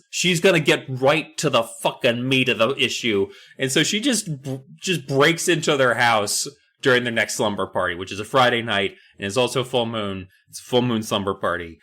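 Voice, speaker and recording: A man co-hosting a podcast, recapping a story in casual chat, swearing freely and jumping into high squeaky character voices. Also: moderate pace, sharp tone. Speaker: podcast co-host.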